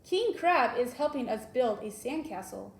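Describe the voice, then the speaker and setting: Woman reading as a cheerful young picture-book girl, excited storybook delivery, highish voice, echoey room. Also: moderate pace, vocal fry. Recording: roomy echo.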